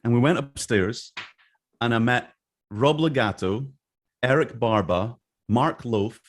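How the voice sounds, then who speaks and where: Animated man telling stories. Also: medium pitch, takes it slowly. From Scotland. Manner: animated, acts out quoted voices. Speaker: interview guest. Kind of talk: casual storytelling.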